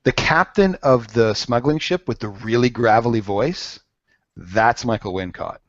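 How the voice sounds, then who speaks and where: A man's voice: medium pitch, unhurried, no room sound, dull audio. A man running a tabletop game as game master, explaining and chatting, joking and laughing often.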